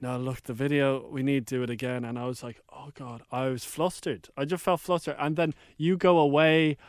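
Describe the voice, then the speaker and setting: Smooth-voiced man, casual chat. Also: medium pitch, brisk, no room sound, studio quality. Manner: self-deprecating, retells moments with animated laughing. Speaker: podcast co-host.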